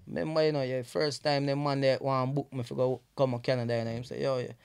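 A Jamaican-accented comedian chatting as a podcast guest, spinning animated stories in patois. His voice sits in a middle register and stays conversational. He restarts phrases often as he talks. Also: mid-range voice, quick pace, vocal fry, smooth. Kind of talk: casual podcast storytelling.

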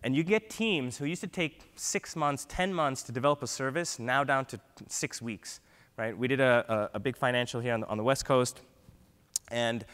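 A man giving an energetic conference keynote, often ending points with a quick "right?". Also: mid-range voice. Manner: energetic, frequent "right?" tags. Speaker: keynote speaker. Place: large conference hall. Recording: long hall reverb.

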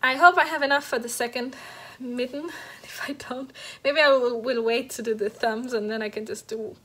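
A woman hosting a knitting podcast, chatting casually about her projects, halting with many fillers and restarts and a little out of breath. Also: fairly high pitch, steady tone, bright, forceful tone. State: slightly out of breath. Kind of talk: casual show-and-tell chat. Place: at home next to a heater.

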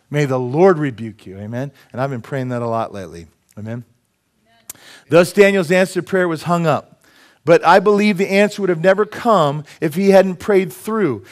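A man with a notably high speaking voice delivers a sermon from the pulpit. He is animated, dropping into low confiding asides and then bursting out in loud exclamations and acted-out voices. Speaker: pastor.

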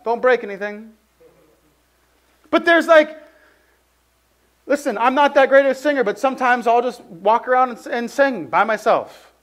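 A man's voice: very high voice, normal speed, long pauses. A man preaching a sermon in a casual, conversational way, telling a personal story and often saying "like". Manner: conversational, heavy use of "like", animated storytelling.

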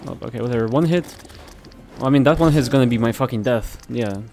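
A young man giving casual gameplay commentary, swearing constantly and reacting loudly to what happens on screen. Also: medium pitch, fast, slight background noise.

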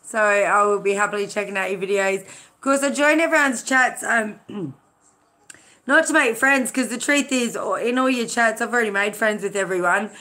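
A woman's voice: medium pitch, moderate pace, pushed and bright. A woman from Australia hosting a casual live-stream chat, chatty, greeting viewers by name with many fillers.

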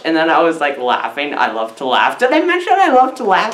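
A woman's voice: mid-range voice, very animated, normal speed. Giggly, rambling woman reviewer, echoey room. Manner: rambling, giggly, playful and scatterbrained. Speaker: comedic movie reviewer. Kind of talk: silly comedic review vlog. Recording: roomy echo.

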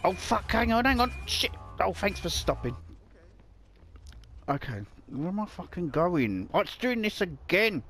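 A man's voice: sits high, sing-song, measured pace, fairly bright tone, soft background music. A man casually commenting on his own gameplay, muttering to himself and swearing often. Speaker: let's play gamer.

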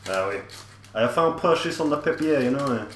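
A man's voice: mid-range voice, expressive, normal speed, a bit bright, reverberant, recorded from a distance, slight background noise, natural voice, poor audio. A man playing a crude, swearing French TV chef with a thick put-on French accent, rambling through a comic live-stream cooking show. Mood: grumbling. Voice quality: thick fake French, filler-heavy, constant swearing.

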